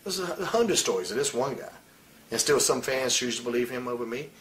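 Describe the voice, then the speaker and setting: Brisk and lively in intonation, his mid-range voice carries a fairly bright tone. The speaker is a retired pro wrestler in his forties, giving a candid interview full of profane, heated storytelling. Faint hiss can be heard behind him.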